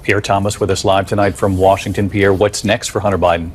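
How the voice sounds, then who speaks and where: A man's voice: sits low, flat delivery, quick pace, a little hiss or hum. A man anchoring a live news broadcast, framing questions for correspondents and guests in a conversational way.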